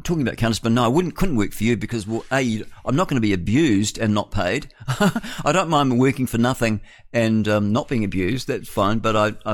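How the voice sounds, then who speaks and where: An older man with a New Zealand accent, hosting a talk radio show in a blunt, rambling monologue full of restarts. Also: mid-range voice. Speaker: radio host.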